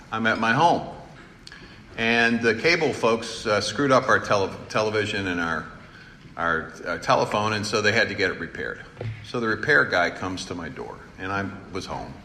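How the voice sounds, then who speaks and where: A middle-aged man speaking to an audience in a large hall, telling self-deprecating stories with a lively, up-and-down pitch. His voice carries a long hall reverb over steady room noise. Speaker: former governor giving a speech. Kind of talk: informal speech anecdotes to an audience.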